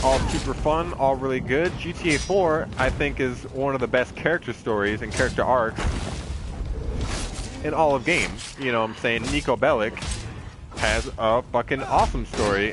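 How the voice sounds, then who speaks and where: A man streaming a game, chatting in a rambling, profane way with lots of fillers. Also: mid-range voice. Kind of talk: casual chat while streaming a game.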